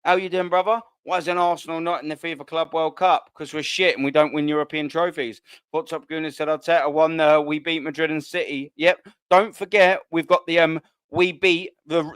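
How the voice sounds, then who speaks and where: A man chats bluntly through a live fan stream, swearing freely and answering viewer comments. His voice sits a bit high and comes across smooth and resonant. The sound is dry and close. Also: a little fast, dry recording. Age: 30s. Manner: blunt, sweary, animated banter. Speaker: host.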